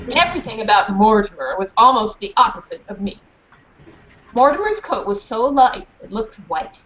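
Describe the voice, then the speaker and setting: In a classroom, a woman reads a children's storybook aloud, stopping to ask the children questions and check they understand. Her voice is medium pitched with a fairly bright tone. The recording is dull and muffled with faint hiss.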